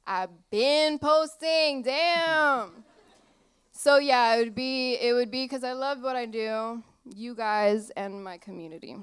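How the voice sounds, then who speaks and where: A woman's voice: fairly high pitch, animated, normal speed, clean tone. A young woman singer chatting casually in an on-stage interview in a small theater, giggly and rambling, losing her train of thought. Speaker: singer-songwriter guest.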